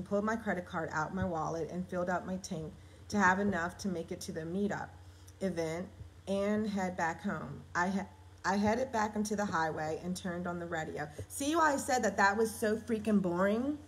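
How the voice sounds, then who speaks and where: A woman's voice: lowish voice, moderate pace, rough recording. Chatty woman on a live stream. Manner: chatty, self-correcting, talks straight to viewers. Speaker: writer hosting a live stream. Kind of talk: casual live-stream chat.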